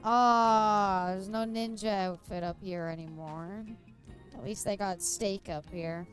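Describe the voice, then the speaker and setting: A woman's voice: medium pitch, steady tone, slow, faint music behind. Giggly, chatty young woman streamer. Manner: giggly, chatty, swears freely. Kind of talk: casual chat while playing.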